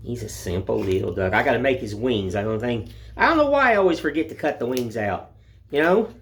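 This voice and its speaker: Filmed on a phone camera, a middle-aged woodcarving vlogger chats casually while whittling. His medium-pitched voice is sing-song and brisk, and his manner is folksy, rambling, and plain-spoken.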